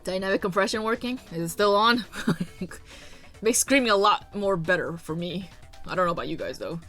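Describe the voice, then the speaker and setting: A woman streaming a video game, chatting casually and excitably, often swearing and laughing at what happens on screen. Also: mid-range voice, moderate pace, faint music behind. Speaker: let's play streamer. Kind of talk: casual gameplay commentary.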